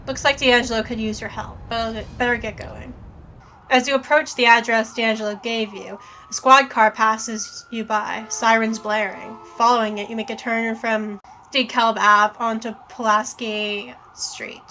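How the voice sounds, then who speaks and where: Bright-voiced woman reading a game aloud. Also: on the high side, fairly even intonation, unhurried, a little hiss or hum, poor audio. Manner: casual, swears, thinks aloud. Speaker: streamer playing a story game.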